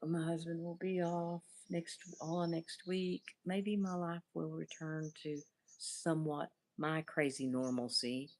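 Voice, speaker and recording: Hosting a laid-back outdoor livestream, this Southern-accented middle-aged therapist rambles aimlessly and reads viewer comments aloud. She speaks in a low-pitched, steady tone at a measured pace.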